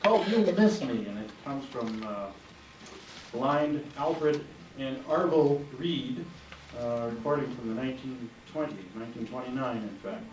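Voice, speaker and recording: A man's voice: mid-range voice, a little mellow, soft background music. Wry, rambling man chatting from a roomy stage. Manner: rambling, wry, joking, halting with fillers. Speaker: folk musician. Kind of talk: stage banter between songs. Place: live concert venue with audience. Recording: roomy, distant live concert recording.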